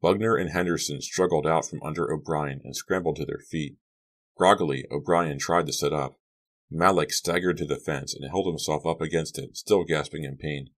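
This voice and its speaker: Very deep-voiced male audiobook narrator. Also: moderate pace. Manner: steady, dramatic storytelling. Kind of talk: scripted narration.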